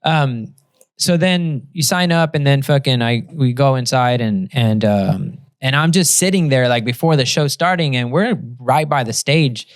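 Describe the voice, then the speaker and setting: A man's voice: medium pitch, expressive, a little slow, no echo, clean studio sound. A man guest on a podcast, telling a story in loose casual chat with lots of swearing and fillers.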